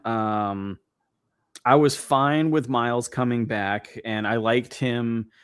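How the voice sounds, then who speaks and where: A man's voice: mid-range voice, slow pace, smooth. A man co-hosting a podcast in casual chat, hesitant, with many fillers, often trailing off. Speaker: podcast co-host.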